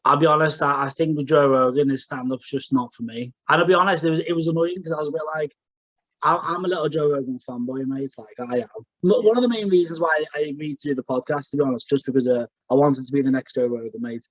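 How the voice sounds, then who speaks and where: A man's voice: a little high, quick pace, fairly bright tone, dry recording. Jokey man saying mate a lot. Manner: jokey, keeps calling the listener mate. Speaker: podcast co-host. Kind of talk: casual chat. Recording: dry, dull lo-fi sound.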